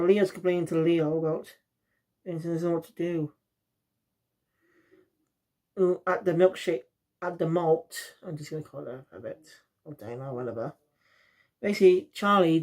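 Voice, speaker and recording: A reviewer from South Wales talks at a middling pitch. The delivery is loose and rambling, often losing the thread. It feels like a casual spoken review. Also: a little mellow.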